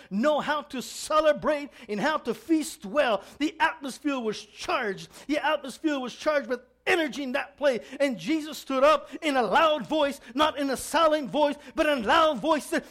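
A preacher delivering a sermon, swinging between shouted emphasis and quiet, low asides, and stretching out key phrases.

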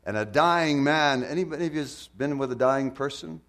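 A man's voice: mid-range voice, a little fast, hardly any pauses. A man preaching a sermon with passion, firing rhetorical questions and repeating phrases for emphasis. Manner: impassioned, swings from loud to hushed, rhetorical questions, repetition.

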